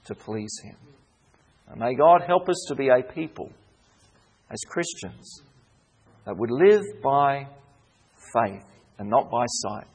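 A man preaching a sermon with rising fervor and dramatic pauses. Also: medium pitch, husky. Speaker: pastor.

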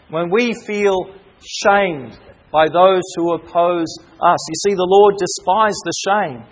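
Man, pastor, sermon, high voice, husky, calls for amens, rhetorical questions, halting fillers. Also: poor audio. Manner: preaching with frequent call-and-response amens and rhetorical questions; slows and stresses key words, with hesitant fillers.

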